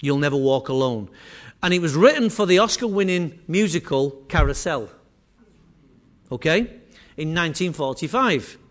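High-pitched Mancunian man presenting. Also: expressive, moderate pace. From Manchester, England. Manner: chatty, teasing, addresses audience directly. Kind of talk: jokey live presentation to a room. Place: meeting room with small audience.

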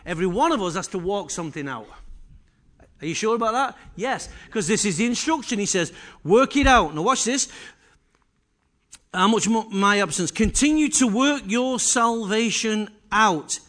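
A man's voice: high-pitched, lively intonation, normal speed, a bit bright. A man preaching a sermon to a church congregation, emphatic and full of rhetorical questions. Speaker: pastor. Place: church service.

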